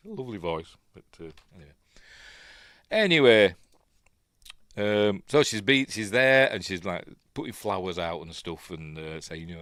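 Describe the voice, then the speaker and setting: Low-voiced Yorkshire man, chatty and rambling, film commentary recorded dry and close. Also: very animated, moderate pace, fairly bright tone, no room sound. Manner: rambling, chatty, with many ums and restarts; plays out the characters' lines in quotes. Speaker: film review host. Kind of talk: casual film commentary while watching.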